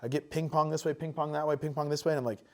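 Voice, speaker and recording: A man's voice: a little high, fairly even intonation, very fast. A man chatting casually as a podcast guest, rambling with lots of fillers and swearing freely. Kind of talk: casual chat.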